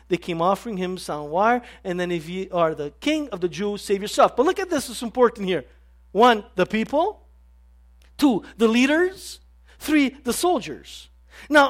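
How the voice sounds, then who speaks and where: Male pastor with a very high voice. Delivers an impassioned sermon with halting restarts and sudden loud emphasis.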